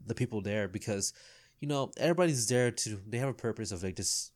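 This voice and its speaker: A man with a somewhat low voice talking in a relaxed, casual chat. His talk is loose and laid-back, full of fillers. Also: fast talker.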